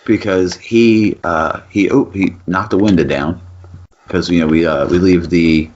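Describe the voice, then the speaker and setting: A man with a deep voice spins a lively story on a podcast, cursing freely as he goes. The audio is muffled and lo-fi. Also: measured pace. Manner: animated storyteller, swears, acts out voices in quotes. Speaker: podcast co-host. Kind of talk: casual storytelling chat.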